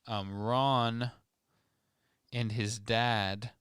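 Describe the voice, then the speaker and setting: A man's voice: mid-range voice, fairly even intonation, extremely slow, a bit bright, clear, resonant tone, dry recording, clean studio sound. A man co-hosting a podcast, chatting casually about a book and riffing jokes with his co-host. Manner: jokey, riffs with goofy bits. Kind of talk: casual book-discussion chat.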